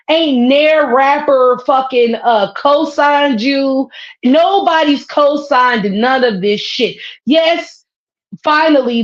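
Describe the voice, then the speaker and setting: A woman with a high voice holds forth in casual podcast talk, heated and profane. The recording sounds dull and lo-fi. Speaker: podcast co-host. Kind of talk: casual chat.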